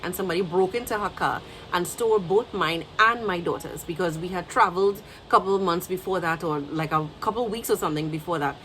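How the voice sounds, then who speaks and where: A woman in her thirties with a Trinidadian accent, telling a casual storytime to her viewers in a chatty, animated way. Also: on the low side, a little hiss or hum. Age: 30s. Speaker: vlogger.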